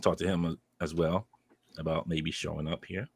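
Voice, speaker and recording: This podcast co-host has a rumbling low voice with vocal fry and a breathy edge, delivered flatly at a moderate pace. Chatting casually about a convention, he rambles, fills his speech with ums, and laughs through his stories.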